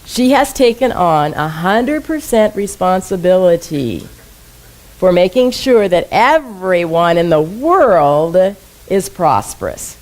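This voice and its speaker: A woman's voice: fairly low pitch, big pitch swings, slow, a little mellow, poor audio. Woman minister, conversational sermon voice, engages congregation with questions. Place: church sanctuary.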